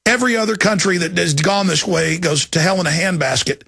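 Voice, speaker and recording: A man's voice: high-pitched, brisk, vocal fry, fairly bright tone, slightly rough. A middle-aged man hosting a talk radio show, emotional and alarmed as he reads news quotes aloud. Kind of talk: agitated talk radio monologue.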